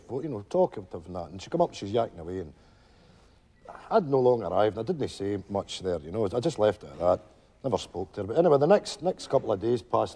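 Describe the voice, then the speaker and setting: An actor playing an older widowed Glasgow pensioner with a Glaswegian Scottish accent, telling a rambling stage monologue full of "you know" asides. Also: male voice, lowish voice, mellow, breathy edge, heavily acted. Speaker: stage character telling a story to friends.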